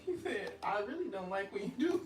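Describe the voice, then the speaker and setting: A woman's voice: mid-range voice, big pitch swings, fast, roomy sound, far from the mic. A woman in the room joining a casual chat with short, agreeing replies.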